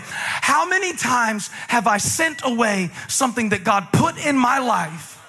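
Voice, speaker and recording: A middle-aged male pastor preaching a sermon, moving from casual talk into shouted, sing-song emphasis. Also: very high voice, lively intonation, unhurried, in a large hall.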